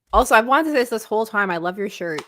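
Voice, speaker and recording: A woman's voice: medium pitch, fairly bright tone. A woman guest in a streamed comics chat, explaining her ideas eagerly over a call mic. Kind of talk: casual chat.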